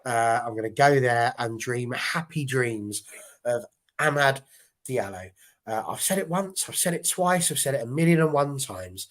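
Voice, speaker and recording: Chatty, excitable man hosting. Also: mid-range voice, moderate pace. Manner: chatty, excitable, rambling with restarts. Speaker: host. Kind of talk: casual chat.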